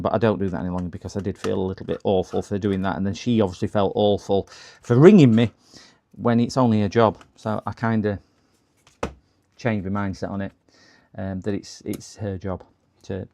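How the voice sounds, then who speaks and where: A middle-aged man with a slightly low voice talks casually to his live viewers. He rambles from one thought to the next and tends to work himself up into exasperated complaints. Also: fairly even intonation, a little fast, creaky, pauses often, mellow. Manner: rambling, chatty, given to exasperated rants. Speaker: livestream host. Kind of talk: casual live stream chat.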